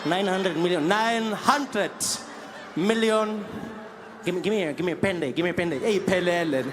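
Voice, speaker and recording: A man's voice: sits high, normal speed, background noise. A man in a comedy sketch, counting and repeating himself in exasperation.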